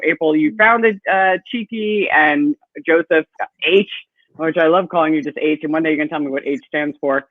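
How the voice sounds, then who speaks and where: A man's voice: fairly high pitch, no room sound. A man hosting a live online interview, chatty and hesitant, with many fillers, speaking over a video call. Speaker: host. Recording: tinny phone-like dry sound.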